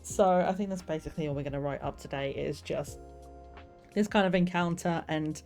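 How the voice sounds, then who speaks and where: A woman's voice: low-pitched, brisk, a little mellow. A young woman streamer chatting casually and rambling about the novel she is writing, with lots of fillers. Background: faint lofi music.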